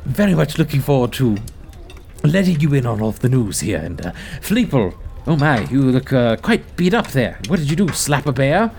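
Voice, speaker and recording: A gleeful leader stumbles cheerfully toward his news, as a man puts him on. His pitch rises and falls a lot, and faint ambient noise sits behind him. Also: big pitch swings, normal speed, vocal fry, a little mellow.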